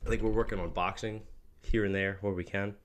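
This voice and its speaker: Man, deep voice, earnest casual talk, guest on a podcast. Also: flat delivery, slight background noise. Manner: earnest, measured, with casual swearing. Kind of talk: casual chat.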